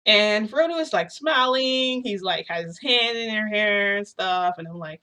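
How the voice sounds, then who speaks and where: A woman's voice: mid-range voice, lively intonation, a little slow, hardly any pauses, pushed and bright, clean tone. A young adult woman telling a story in a casual, rambling, filler-heavy way.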